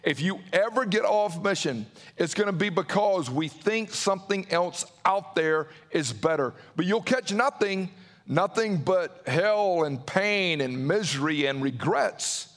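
A man preaching a sermon, acting out quotes and pausing for drama. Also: high voice, expressive, a bit bright, big-room sound. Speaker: pastor.

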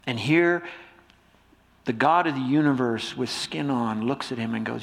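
A male pastor preaching a sermon with a stuffy nose, swinging between loud emphasis and soft hushed lines. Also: medium pitch, unhurried, gravelly.

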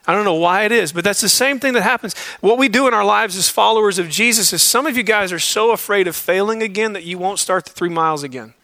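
A man's voice: high-pitched, quick pace, hardly any pauses, pushed and bright, dry recording. A man leading a men's Bible study, preaching in a direct, exhorting way and repeating key phrases. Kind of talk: sermon to a men's group.

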